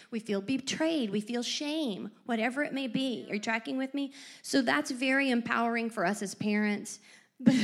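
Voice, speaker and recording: A middle-aged woman co-hosting a faith-based parenting chat, telling stories with lively asides. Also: fairly high pitch. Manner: animated storyteller with lively asides.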